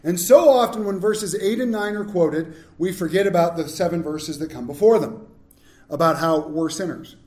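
Male pastor, high voice, animated sermon delivery, echoey church hall. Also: moderate pace. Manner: animated preaching that swings from loud to hushed.

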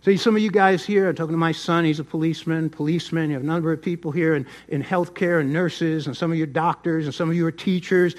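A middle-aged pastor preaching a sermon, swinging between loud emphasis and soft asides. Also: male voice, fairly high pitch, fairly even intonation, quick pace, few pauses.

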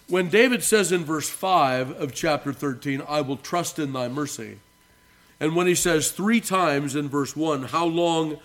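A male pastor giving an earnest expository sermon, repeating key phrases for emphasis, with halting restarts between phrases. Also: fairly high pitch, fairly bright tone.

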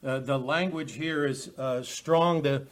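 Halting man teaching scripture. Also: mid-range voice, fairly even intonation. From United States. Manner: halting, many fillers and restarts, reads scripture aloud. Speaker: Bible teacher. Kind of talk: Bible study teaching.

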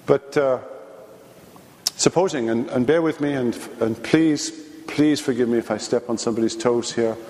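A man preaching a midweek theology lecture in an earnest, halting way, full of fillers and restarts. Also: mid-range voice, a little mellow. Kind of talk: sermon lecture. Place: church sanctuary. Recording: long reverb of a large church.

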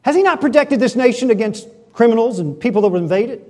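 A scheming queen interrogates in a high, pressing voice, put on by a male preacher. Each question climbs and gets louder, insistent and domineering. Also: lively intonation, brisk, breathy edge, big-room sound, heavily acted.

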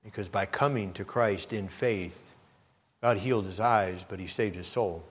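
A middle-aged male pastor preaching a sermon, swinging from low, earnest talk up to loud, impassioned outbursts. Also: measured pace, slight background noise. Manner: preacherly, rises to loud impassioned shouts when quoting.

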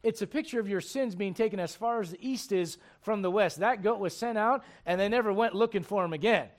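A man preaching a sermon, chatty and repetitive with asides to the listeners, swinging from hushed tender passages to loud shouting bursts. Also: high voice, brisk. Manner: repeats words, folksy asides to the congregation.

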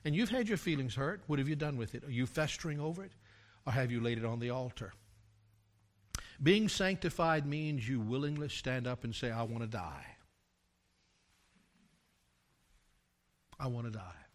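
Telling a story from his pastoral years, an older man preaches in a slightly high, expressive voice at a fairly quick pace, rising to loud and emphatic peaks.

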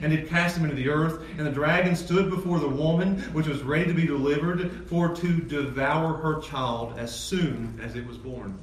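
A man preaching a sermon as pastor, animated, swinging from loud excited peaks to low emphatic lines. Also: moderate pace, few pauses. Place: church sanctuary. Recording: echoey church hall from far off, faint ambience.

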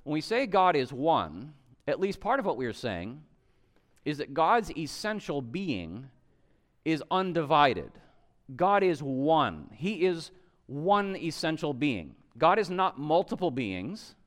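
A man with a fairly high voice that moves a lot in pitch, teaching theology. He explains earnestly and repeats his key points for weight. He often stops mid-sentence and starts over to find the right word. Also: big pitch swings, slow. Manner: earnest, explanatory, with frequent restarts and emphatic repetition. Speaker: teacher of the Creed. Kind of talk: theology lesson.

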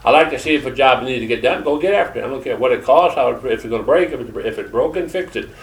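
An older man with a Southern Georgia accent preaching a testimony sermon, telling stories in a folksy, halting way with many fillers. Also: mid-range voice. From Detroit. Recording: echoey room from far off.

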